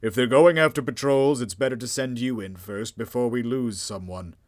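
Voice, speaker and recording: A man voicing a stern male police commander who gives brisk, matter-of-fact orders. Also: mid-range voice, natural voice. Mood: urgent.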